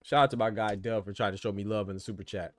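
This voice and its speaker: A man's voice: on the low side, steady tone, fast, dry recording. A man hosting a live boxing talk show in a loose, rambling casual chat. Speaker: boxing podcast host.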